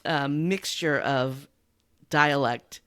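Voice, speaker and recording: A woman in her fifties from California, hosting a podcast and chatting casually and warmly with frequent laughter. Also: sits low, drawn-out words. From California, USA. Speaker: podcast host. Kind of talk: casual interview chat.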